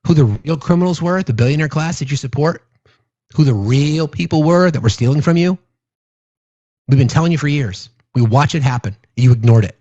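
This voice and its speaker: A man's voice: on the high side, a little mellow, husky, no room sound. Sarcastic, swearing male political ranter. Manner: sarcastic, mocking, profane. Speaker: political commentator. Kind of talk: casual political rant to viewers.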